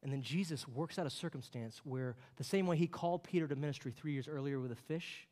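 A man preaching to his church in a fairly high voice. He talks casually, leaning on fillers. He swings from raised, excited passages down to soft, hushed asides. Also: quick pace, in a large hall. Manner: conversational, with many fillers like "like" and "okay". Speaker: pastor. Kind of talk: sermon.

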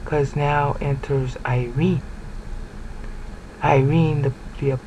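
A man teaching a lecture on scripture, animated, often repeating words and checking in with rhetorical questions. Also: fairly high pitch, takes it slowly, noisy background. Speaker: Bible teacher.

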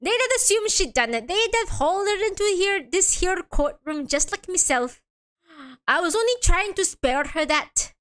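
A woman doing a nervous Irish man in the dock, pleading in a shaky overdone brogue, high and bright, swooping up and down, read out for a game stream. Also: lively intonation, normal speed. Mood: earnest. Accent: put-on Irish. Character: cagey Irish male defendant on trial, pleading.

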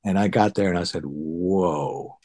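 A middle-aged man from Detroit, a bassist guest in a casual interview, telling stories and acting out past dialogue. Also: normal speed, husky. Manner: animated, acts out past dialogue in higher voice.

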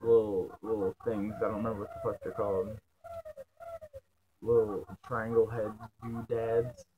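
A young man talks over his own gameplay with a somewhat low voice. He swears constantly, cracks self-mocking jokes and gets easily frustrated with the game. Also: little pitch movement, unhurried, narrow, tinny audio, noisy background. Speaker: let's play gamer. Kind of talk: casual gameplay commentary.

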